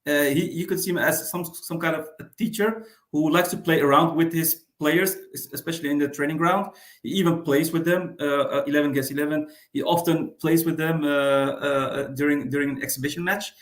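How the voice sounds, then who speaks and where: A man, a fan guest on a panel, talking thoughtfully with many pauses. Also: a little high. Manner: thoughtful, hesitant with fillers. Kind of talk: casual panel discussion. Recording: roomy echo.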